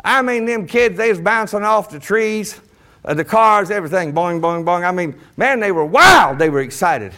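Man, middle-aged preacher, high-pitched, very lively pitch, folksy, shouting bursts. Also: normal speed. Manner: animated, shouting bursts, folksy Southern phrasing. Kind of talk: sermon.

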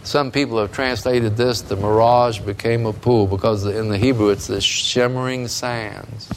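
A man's voice: on the low side, steady tone, normal speed, slight background noise. A man preaching a sermon in a fervent, emphatic way that builds in intensity.

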